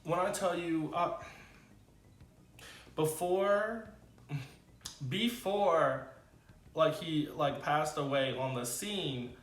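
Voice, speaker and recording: A man giving a casual, animated spoken TV review, with loose slangy talk and many fillers. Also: drawn-out words, pauses often, echoey room. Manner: animated, swings into high excited exclamations. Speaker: TV review vlogger.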